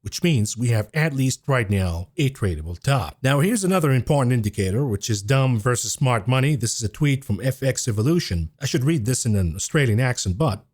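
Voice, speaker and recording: Man giving brisk, emphatic market commentary. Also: medium pitch, lively intonation, a little mellow. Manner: brisk, emphatic, talks through charts. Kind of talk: scripted-sounding market commentary.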